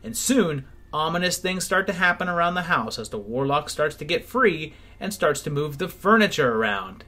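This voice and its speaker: A man's voice: a little high, very animated, moderate pace, bright, forceful tone. A man narrating a comedic film review in a sarcastic, wry tone. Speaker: movie reviewer. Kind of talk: scripted comedic video narration.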